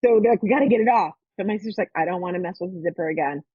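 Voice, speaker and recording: Husky-voiced woman telling a story. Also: fairly low pitch, racing, no room sound, narrow, tinny audio. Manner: animated storytelling, acts out quoted voices. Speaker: podcast host. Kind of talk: casual chat.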